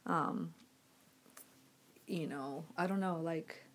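Lady vlogging on her phone, kinda low voice, rambles, swears a lot. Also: takes it slowly. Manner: frustrated, swearing, filler-heavy. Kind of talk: casual rambling to camera.

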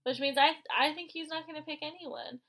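A woman with a sick voice co-hosting a casual podcast. Her voice sits a little high, bright and crackly with fry. She speculates earnestly. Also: steady tone, fairly quick. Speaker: podcast co-host. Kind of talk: casual chat about a reality TV show.

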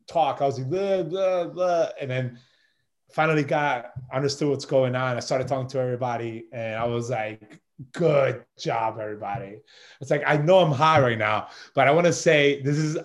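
A middle-aged man, a podcast guest and chef, telling a story in a loose, animated way and peppering his talk with "bro" and "man". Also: on the high side. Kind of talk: casual storytelling chat.

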